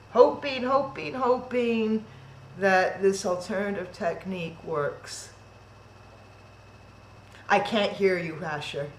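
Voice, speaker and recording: A woman hosting a live-streamed online event, chatty and flustered as she talks through technical trouble on a video call. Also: lowish voice. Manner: chatty, flustered, thinks aloud with restarts. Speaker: event host. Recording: roomy echo, faint noise.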